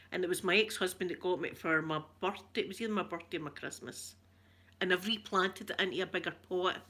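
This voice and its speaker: A woman's voice: mid-range voice, sharp tone. A middle-aged woman with a Scottish accent chatting casually with her live viewers, rambling, laughing often and greeting them by name. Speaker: ASMR livestreamer reading viewer comments.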